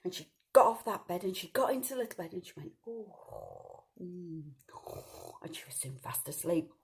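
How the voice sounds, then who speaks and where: A woman's voice: fairly low pitch, very animated, quick pace. A woman telling a children's story, sing-song and asking the listeners questions.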